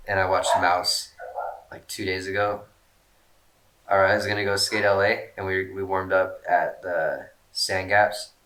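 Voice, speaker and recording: A man's voice: low-pitched, pushed and bright. A man casually reading out fan questions and answering them in a rambling, laid-back way, swearing often and joking at his own expense. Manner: self-mocking jokes.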